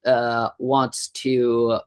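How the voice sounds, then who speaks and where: A young adult man from Sweden, a guest musician in a casual interview, talking in halting bursts with many fillers and restarts. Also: medium pitch, completely flat delivery, smooth.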